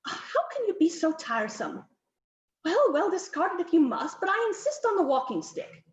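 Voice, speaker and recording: A woman's voice: sits high, very animated, fast talker, roomy sound. A woman voicing an imperious older aristocratic countess who fusses and gives orders. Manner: bossy, fussy, commanding.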